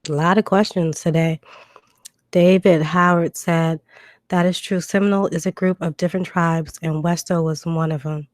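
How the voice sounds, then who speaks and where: A woman's voice: fairly low pitch, steady tone, normal speed, no echo, clean studio sound. A woman hosting a casual livestream, reading out viewer questions and answering them with many ums and restarts, a cough drop in her mouth. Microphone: new desk microphone.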